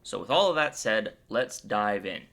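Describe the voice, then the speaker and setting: Guy doing a chill bible breakdown, bright clear voice, jokey and upbeat. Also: lowish voice, expressive, moderate pace. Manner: playful and joking; upbeat and enthusiastic. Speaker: Bible video host. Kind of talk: casual Bible commentary.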